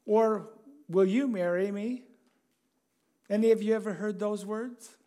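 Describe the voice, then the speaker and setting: Male preacher, high voice, casual sermon delivery, chuckles, asks questions of the congregation. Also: fairly even intonation, unhurried, pauses often, warm tone.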